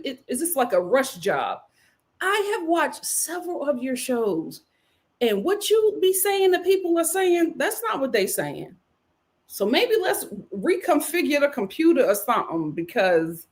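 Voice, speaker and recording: Woman, 30s, live-stream reality TV reviewer; high, lively voice, sassy and opinionated, laughs a lot. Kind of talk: casual live-stream commentary.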